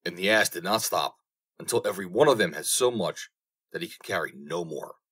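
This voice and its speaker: Low-voiced male storybook narrator. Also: lively intonation, fairly bright tone. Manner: measured storytelling. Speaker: audiobook narrator. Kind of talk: fairy tale audiobook reading.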